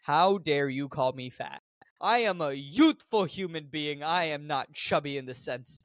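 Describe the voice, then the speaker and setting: A man's voice: on the high side, lively intonation, unhurried, no echo, studio quality, pitched below the performer's own voice. A man voicing an indignant grown man who is offended at being called fat. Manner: huffy, offended.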